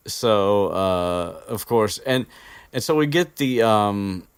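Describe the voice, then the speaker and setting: Low-voiced guy rambling thru a chapter recap, lots of ums and restarts, swears here and there, dry room sound. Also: very slow, clean tone, no echo. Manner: rambling, many fillers and restarts, swears casually. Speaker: podcast host recapping a book chapter. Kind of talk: casual unscripted chat. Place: indoor room with an air conditioner.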